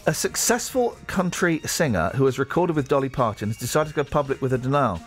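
Male radio host, animated delivery, playful and rambling; studio mic, light music bed. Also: mid-range voice, fairly quick. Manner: joking, rambling, reads news aloud with asides. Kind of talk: casual radio banter. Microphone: studio microphone.

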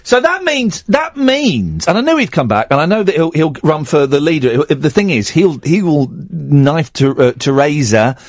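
A man's voice: a little high, sing-song, normal speed, few pauses, dry recording. A man hosting a radio show in a studio, talking in a rambling, jokey and self-mocking way. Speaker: radio host. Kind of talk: casual radio chat. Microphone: studio mic.

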